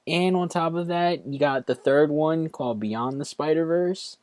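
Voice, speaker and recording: A man's voice: on the high side, moderate pace, hardly any pauses, a little mellow, no echo. A man co-hosting a casual podcast chat, teasing his co-host, laughing and reeling off facts.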